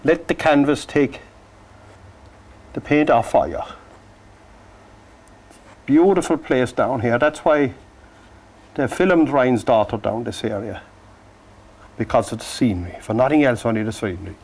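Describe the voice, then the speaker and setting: A man from Cork with an Irish accent, teaching a painting lesson in a gentle, joking, soft-spoken way. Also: medium pitch, a little slow, long pauses, slightly rough. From Ireland. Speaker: painting instructor. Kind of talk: painting lesson with chatty asides.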